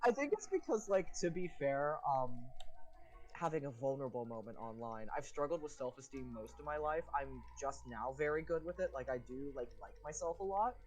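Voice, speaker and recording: A man's voice: mid-range voice, expressive, normal speed. Flustered young man, voice cracking. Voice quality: voice cracks at times. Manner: flustered, laughing, self-deprecating. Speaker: guest streamer. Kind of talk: casual stream chat.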